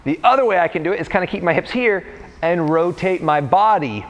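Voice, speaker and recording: A young man coaching warm-up exercises in a casual, joking way while demonstrating the moves. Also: high voice, expressive, brisk, highs cut off. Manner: playful, jokey, talks while exercising. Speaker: freerunning coach.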